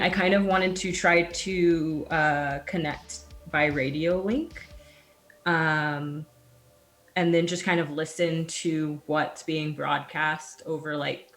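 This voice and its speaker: Slow, low-voiced woman playing a game. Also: steady tone, a bit bright. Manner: hesitant, thinking aloud. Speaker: player. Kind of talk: casual tabletop play.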